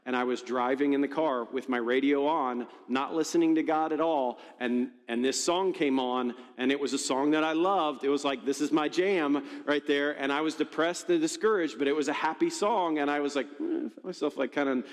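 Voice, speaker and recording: A man's voice: a little high, brisk, hardly any pauses. Conversational male pastor in reverberant church. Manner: conversational, storytelling, frequent restarts. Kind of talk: sermon. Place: church auditorium. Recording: long reverb of a large church hall.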